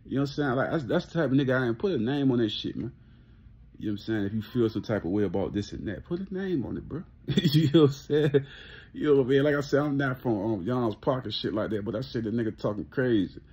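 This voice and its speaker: A man's voice: mid-range voice, expressive, fast, darkish tone, slightly rough, muffled recording. A man ranting casually to camera, blunt and profane, often repeating himself and laughing. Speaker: vlogger.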